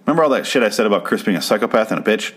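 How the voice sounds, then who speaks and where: A man's voice: on the low side, expressive, very fast, husky. A man giving a casual, rambling recap of a TV episode, swearing freely and sounding exasperated. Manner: profane, exasperated, rambling with restarts. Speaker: show recap host. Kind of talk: casual ranting commentary.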